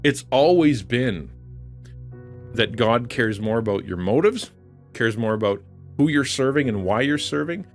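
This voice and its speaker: A man preaching earnestly on a livestream, repeating phrases for emphasis. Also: medium pitch. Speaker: online pastor. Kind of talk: livestream sermon.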